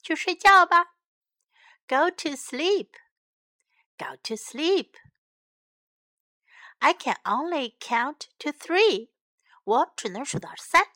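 A woman reads a bedtime story for young children, saying each English line and then translating it. Her voice is high, bright and swooping, and she takes her time over every word. Later she repeats short English phrases slowly so children can say them back. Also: animated, no echo. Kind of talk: children's bilingual story reading.

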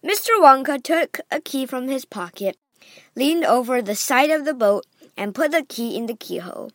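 Female storyteller, high and animated, unhurried and expressive reading, dry booth-like sound. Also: no echo. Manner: expressive, clear and deliberate. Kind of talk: reading a children's novel aloud.

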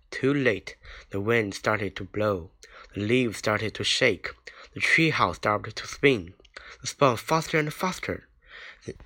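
Slow, careful man reading a storybook. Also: medium pitch, sharp tone. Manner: slow, careful reading with small slips and restarts. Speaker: reader. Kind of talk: reading a children's book aloud.

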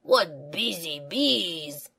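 A woman's voice: low voice, expressive, extremely slow, gravelly, bright, forceful tone, husky, heavily acted. A woman voicing a kindly, patient old grandfather pig in a storybook reading. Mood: gentle.

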